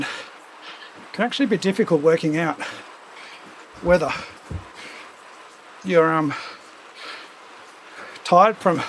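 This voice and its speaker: A man's voice: a little high, a bit bright, a little hiss or hum, rough recording. Chatty man with a runny nose. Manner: rambling, chatty, with offhand asides. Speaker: streamer hosting a cycling ride-along. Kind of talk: casual chat while riding.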